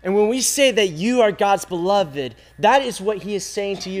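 A man preaching a sermon to a youth group, emphatic and repetitive, with dramatic pauses. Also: sits high. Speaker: youth pastor.

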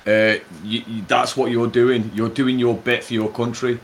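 A man's voice: medium pitch, flat delivery, moderate pace, slight background noise. A man in a casual chat, ranting and swearing freely.

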